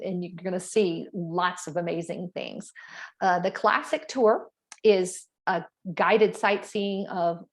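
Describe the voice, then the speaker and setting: Chatty middle-aged woman presenting travel plans. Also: mid-range voice. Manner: chatty, rambling, with fillers and self-corrections. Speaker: travel agent presenting a group cruise. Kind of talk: casual presentation to clients.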